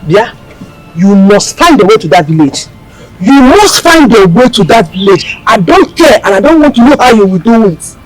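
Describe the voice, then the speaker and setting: A woman's voice: medium pitch, very animated, moderate pace, faint music behind. A woman playing a harsh, scheming mother of grown daughters who scolds and gives orders. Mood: scolding. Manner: scolding, commanding. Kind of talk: Nollywood film acting.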